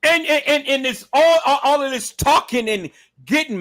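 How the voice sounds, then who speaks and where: A man ranting on a livestream, his voice high and swinging widely in pitch as he curses and fires questions at his viewers. His tone is bright and tense. The sound is dry and close. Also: animated, moderate pace, no echo, rough recording. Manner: profane, angry, repeatedly addressing the audience. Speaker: livestream commentator. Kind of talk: heated livestream commentary.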